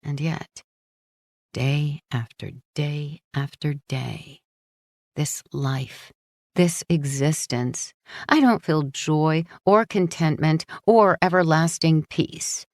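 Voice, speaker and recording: A woman narrating a first-person audiobook in a hushed, brooding manner. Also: sits low, slow pace, no room sound, clean studio sound.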